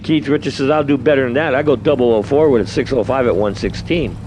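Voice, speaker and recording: Talking quickly at a medium pitch, a New York-accented announcer gives live commentary at an outdoor drag race amid noise. He rambles chattily, filling the gaps between runs with asides.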